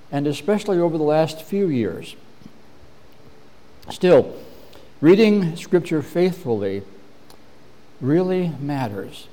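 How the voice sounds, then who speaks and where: A middle-aged man preaching a measured, earnest sermon as pastor, often clearing his throat. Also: fairly high pitch, dark tone.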